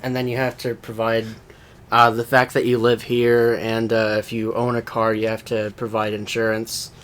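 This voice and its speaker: A man's voice: mid-range voice, completely flat delivery, normal speed, fairly bright tone. A young man co-hosting a podcast, bantering crudely, swearing freely and laughing often between filler words. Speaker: podcast co-host.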